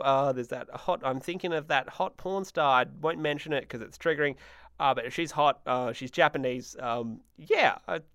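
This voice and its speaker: A man's voice: a little high, bright, forceful tone, clean tone, no room sound, clean studio sound. A young man hosting a solo comedy podcast, rambling and self-mocking, with sudden silly sung bits. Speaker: podcast host.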